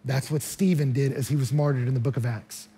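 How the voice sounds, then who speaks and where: A male pastor preaching a sermon, emphatic and energetic, his voice jumping high and loud on key phrases. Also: a little fast, husky. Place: church hall.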